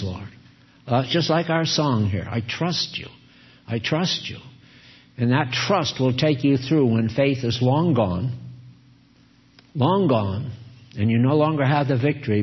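Slow-preaching man, lo-fi sermon recording. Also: on the high side. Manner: earnest, exhorting, chuckles often. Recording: dull lo-fi recording.

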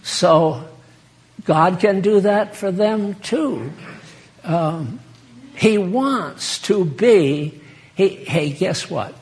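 A man's voice: high voice, animated, drawn-out words. A man preaching an informal sermon in a chatty, folksy way, laughing and speaking to listeners by name.

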